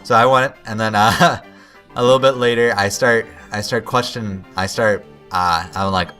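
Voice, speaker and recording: A man's voice: lowish voice, steady tone, moderate pace, pushed and bright, soft background music. A young man telling a rambling story while commenting on a game, often stopping to restart his sentences and quoting himself. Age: young adult. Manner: rambling, self-interrupting, quotes himself. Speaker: gameplay commentator. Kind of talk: casual storytelling over gameplay.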